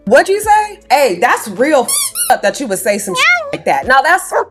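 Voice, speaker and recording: A woman's voice: high voice, wildly swooping pitch, normal speed, music in the background. A woman hosting a gossip commentary channel, retelling reality TV drama in a slangy, dramatic way. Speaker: host.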